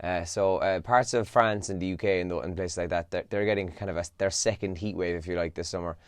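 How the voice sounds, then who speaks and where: A young man hosts his breakfast show on his own, sounding tired as he chats through the headlines. His voice sits fairly low. The sound is close and dry, with no room around it. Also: steady tone, fast talker, clean tone, dry recording. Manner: casual and chatty, with yawns and asides. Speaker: radio host. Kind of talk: solo breakfast show, reading newspaper headlines.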